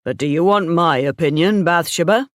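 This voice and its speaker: A woman reading the lines of a steady, honest young male shepherd, speaking calmly and plainly. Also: on the low side, normal speed, no echo, studio quality, natural voice. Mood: firm. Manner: calm, firm and plain.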